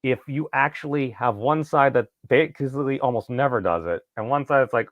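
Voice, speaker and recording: A man hosting a casual podcast, rambling and jokey with a creaky voice. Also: medium pitch, expressive, brisk, hardly any pauses, no echo, narrow, tinny audio. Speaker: podcast host.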